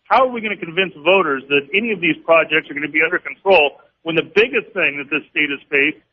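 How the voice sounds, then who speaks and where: Male politician guest, somewhat high voice, firm and on message; muffled radio sound. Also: slightly rough. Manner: firm, talking-point delivery with frequent "uh" pauses. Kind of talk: political radio interview answers. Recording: dull lo-fi radio broadcast audio.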